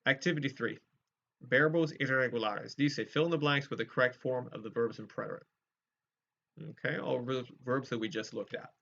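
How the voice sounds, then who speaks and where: A man's voice: medium pitch, moderate pace, bright, forceful tone. Methodical male Spanish teacher, lo-fi. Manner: clear, methodical, models each form aloud. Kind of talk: recorded lecture with choral drills. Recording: dull lo-fi lecture recording.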